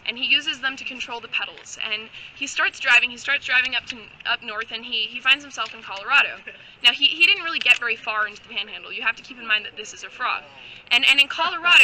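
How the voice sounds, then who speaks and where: A woman improvising a comic story in a rambling, deadpan way, with many restarts and side remarks. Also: fairly high pitch, slight background noise, rough recording.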